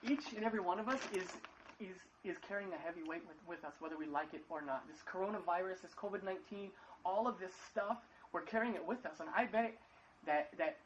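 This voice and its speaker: A male pastor giving a casual sermon from his living room at home, talking in a halting way and often repeating words. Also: sits high, highs cut off, a little hiss or hum. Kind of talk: casual live-streamed sermon.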